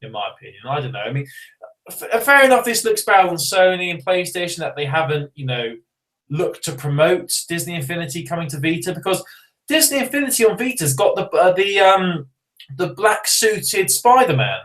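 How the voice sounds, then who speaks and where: A man's voice: high voice, expressive, moderate pace, a bit bright, poor audio. A man, co-hosting a podcast in a casual, rambling, jokey chat. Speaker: podcast co-host.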